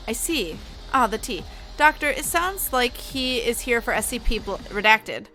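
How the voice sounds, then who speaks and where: A woman's voice: a little high, lively intonation, measured pace, sharp tone, faint music behind. A young woman streamer casually reading horror files aloud, stopping to chat and comment. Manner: chatty, breaks off to comment and laugh.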